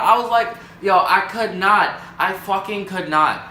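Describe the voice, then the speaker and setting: A young man telling a storytime vlog, dramatic and animated, acting out quotes with big jumps in pitch. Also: normal speed, reverberant, a little hiss or hum, rough recording. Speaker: vlogger.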